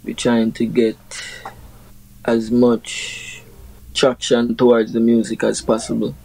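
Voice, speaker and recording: A man's voice: medium pitch, completely flat delivery, slow pace, gravelly, darkish tone, low-quality recording. A young Jamaican man, a reggae artist, chatting casually in an interview and explaining his lyrics through proverbs with many "you know"s.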